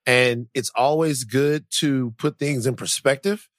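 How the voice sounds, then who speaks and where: A man's voice: medium pitch, unhurried, dry recording, studio quality. A man co-hosting a podcast in casual chat, rambling with many fillers and restarts. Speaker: podcast co-host.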